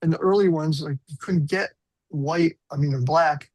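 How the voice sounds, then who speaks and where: A man's voice: fairly high pitch, moderate pace, a little mellow, no room sound, low-quality recording. A man in his sixties, a guest musician, telling rambling, self-deprecating stories in a casual interview.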